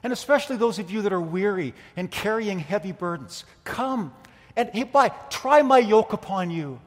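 A soft, coaxing Jesus, kind and humble, calling people to come near, as a man voices him in a sermon. The voice sits fairly high for a man and trails off gently. It rings out with a long hall reverb. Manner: soft, coaxing, speaking directly to listeners.

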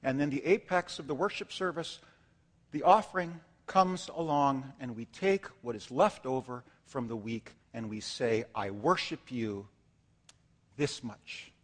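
A man's voice: mid-range voice, normal speed. A man preaching a sermon in a church, telling a dramatic story with acted asides and building to impassioned emphasis. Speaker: pastor. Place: church sanctuary. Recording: long hall reverb.

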